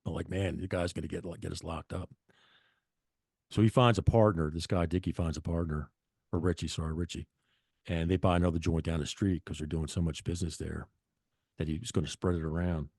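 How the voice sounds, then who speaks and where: Middle-aged male guest, low voice, dry close sound, blunt and profane storyteller. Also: fairly even intonation, fast talker, a little mellow, no echo. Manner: blunt, profane, rambling with restarts. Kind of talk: casual storytelling.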